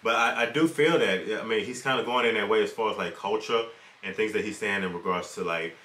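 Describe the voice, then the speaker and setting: A man with a very deep yet bright voice chats through a reaction video. He pauses, restarts and repeats himself as he works through ideas. The mic sits back in an echoey room. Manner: halting and repetitive, musing aloud. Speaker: reaction channel co-host. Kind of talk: casual reaction commentary. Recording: roomy echo, distant mic.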